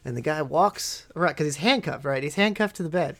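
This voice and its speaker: A man's voice: a little high, a little fast. A man hosting a podcast who tells stories in casual chat, swearing often and laughing through the telling, heard over a video call. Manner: profane, laughing, animated storyteller. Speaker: podcast host.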